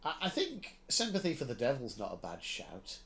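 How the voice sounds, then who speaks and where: A man's voice: mid-range voice, huge pitch swings, normal speed, fairly bright tone. A man co-hosting a podcast in casual chat, hesitant and self-deprecating, laughing easily. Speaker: podcast co-host.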